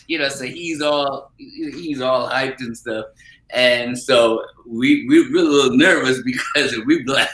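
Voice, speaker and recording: A man's voice: mid-range voice, measured pace. A man casually telling a funny story as a podcast host, chuckling often as he goes. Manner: animated anecdote teller who chuckles often. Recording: roomy echo.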